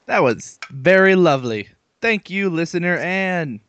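A man co-hosting a podcast in casual chat, joking with quick asides and frequent laughs, on a dull lo-fi recording. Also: high voice, animated, a bit bright. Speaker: podcast co-host. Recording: dull lo-fi sound.

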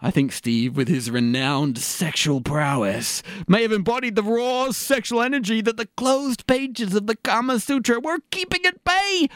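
A man's voice: sits high, moderate pace, a bit bright, no echo, clean studio sound. A man playing the dungeon master in a scripted comedy sketch, rambling in a pompous, mock-scholarly way. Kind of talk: scripted comedy role-play.

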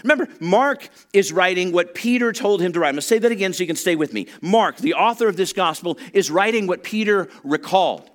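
Animated storytelling male pastor. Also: high-pitched, fast, few pauses. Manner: animated storytelling, acts out voices, humorous asides. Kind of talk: sermon.

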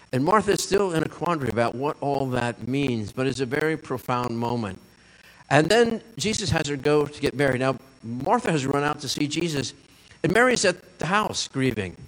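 Male pastor, mid-pitched, earnest sermon delivery with repeated lines, long hall echo. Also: fairly bright tone. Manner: earnest, asks listeners questions, repeats lines for emphasis.

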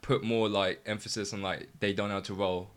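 A man giving casual, rambling feedback, full of likes and yeahs and quick laughs. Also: fairly low pitch, little pitch movement. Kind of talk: casual chat.

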